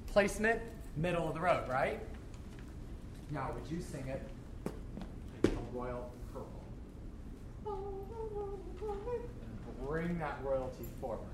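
Energetic man leading a choir rehearsal. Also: a little high, slow pace, pauses often. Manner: energetic, encouraging, demonstrates phrases by singing and chanting. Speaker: choir director. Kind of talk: teaching a choir rehearsal workshop. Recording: echoey room with background noise.

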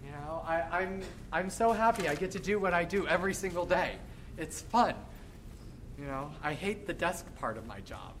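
A man working as a choir director, teaching a rehearsal in an energetic, encouraging way and demonstrating lines by chanting and singing them. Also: fairly high pitch, normal speed. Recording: echoey room with background noise.

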